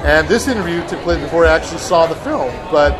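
A man's voice: on the high side, animated, fast talker, over music, a crowd in the background, poor audio. Chatty man hosting a podcast. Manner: chatty, jokey, filler-heavy. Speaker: podcast host. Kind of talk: casual interview chat.

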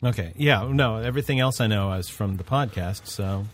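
A man's voice: fairly low pitch, normal speed, slight background noise. A man appearing as a podcast guest, making wry, joking asides in casual chat.

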